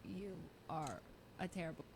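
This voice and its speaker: A young woman casually telling a story on stream, giggling often and quoting people in lively voices. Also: sits low, moderate pace, breathy edge. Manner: chatty, giggly, quotes people in animated voices.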